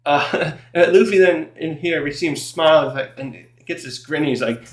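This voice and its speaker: A man's voice: a little high, normal speed, few pauses. A man reviewing a comic chapter in casual chat, rambling with many fillers, self-corrections and frequent chuckles. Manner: laughs often while recapping. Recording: roomy echo.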